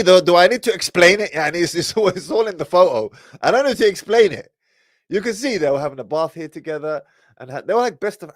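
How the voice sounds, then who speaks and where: A man's voice: a little high, dry recording, studio quality. Guy chatting on a live stream, voice jumps up and down, sighs a bunch. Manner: animated, sighing often. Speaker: livestream host. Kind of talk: casual livestream talk.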